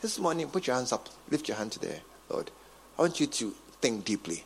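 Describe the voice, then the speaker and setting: A man with a Ghanaian English accent preaching a sermon as bishop, emphatic and repetitive, swinging from quiet asides to shouts. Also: medium pitch, very animated, a little fast, vocal fry, big-room sound, a little hiss or hum. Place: large cathedral.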